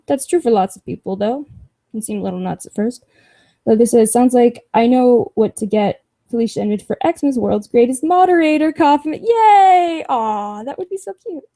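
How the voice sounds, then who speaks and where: A woman's voice: a little high, gravelly, mellow. A young woman hosting a casual livestream, reading chat comments aloud with sarcastic, profane asides and frequent laughs.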